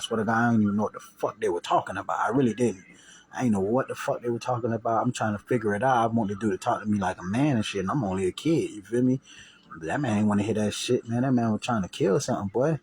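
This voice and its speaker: The recording quality here is poor, and this man's voice sits on the low side. Telling his audience a personal story in a relaxed way, he swears and uses slang, keeps circling back and starting over, and belts out the quoted voices.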